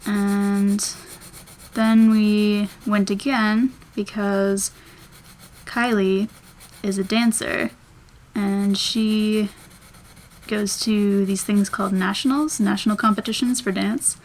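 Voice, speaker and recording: A young woman in her twenties chats casually as she draws. Her voice sits at an ordinary middle pitch, and she rambles and thinks out loud in an easy vlogger way. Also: flat delivery, slow. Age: 20s. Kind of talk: casual chat while drawing.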